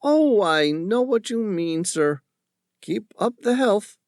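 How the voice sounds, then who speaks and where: A man's voice: high voice, animated, slow, a little mellow, no room sound, studio quality, pitched above the performer's own voice, exaggerated voice. A male narrator voicing a cheerful young woman who sells coffee from a street truck, in a raised, chirpy voice.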